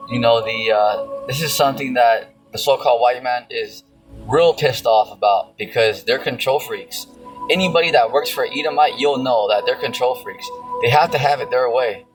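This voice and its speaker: A man's voice: mid-range voice, moderate pace, faint music behind, poor audio. A man preaching casually and reading scripture, rambling with lots of fillers and some cursing. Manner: rambling, heavy on fillers, profane. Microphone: phone screen recording.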